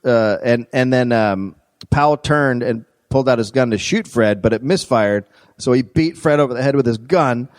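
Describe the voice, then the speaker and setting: A man hosting a live comedy podcast, telling a history story in an animated way and often laughing as he goes. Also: medium pitch, normal speed.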